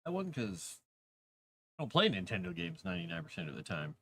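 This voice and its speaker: Man, low gravelly voice, lively up-and-down pitch, rambling stream chatter. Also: fairly quick, a little hiss or hum. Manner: rambling, talks to his cat and reads chat aloud. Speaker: streamer writing fantasy lore. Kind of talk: casual live-stream chat.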